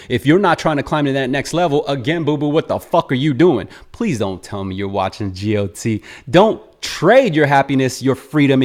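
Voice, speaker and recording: Male sales coach, young adult, mid-pitched, blunt and profane pep-talk delivery. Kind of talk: motivational vlog talk.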